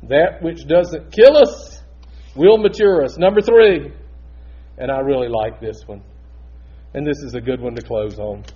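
A male pastor delivering a sermon, shifting between loud emphatic preaching and quiet, intimate asides. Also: mid-range voice, unhurried, muffled recording.

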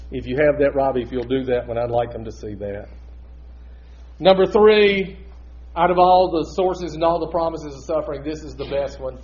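A male pastor delivering a sermon, shifting between loud emphatic preaching and quiet, intimate asides. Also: mid-range voice, highs cut off.

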